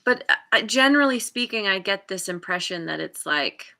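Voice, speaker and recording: A woman's voice: mid-range voice, animated, fairly quick, vocal fry, pushed and bright. A woman giving a live tarot reading and thinking aloud, meandering and often restarting as she searches for words. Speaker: tarot card reader.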